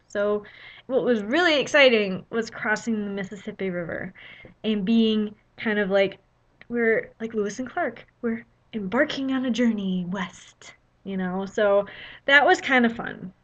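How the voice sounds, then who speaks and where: A woman's voice: mid-range voice, a bit bright, highs cut off. A young woman telling a travel story in a casual vlog, chatty and full of "you know" fillers. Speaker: vlogger.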